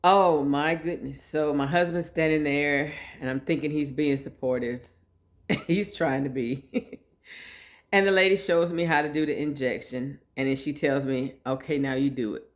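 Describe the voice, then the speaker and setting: A woman's voice: deep voice, unhurried. A woman telling her personal story in a casual, chatty way, talking straight to her listeners. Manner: chatty, animated, addresses listeners directly. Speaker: host sharing her health story.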